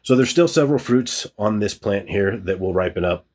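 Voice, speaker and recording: Male gardening vlogger, low husky voice, upbeat chatty demo host. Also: lively intonation, moderate pace, darkish tone. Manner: upbeat, chatty, self-deprecating humor. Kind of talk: casual hands-on demonstration.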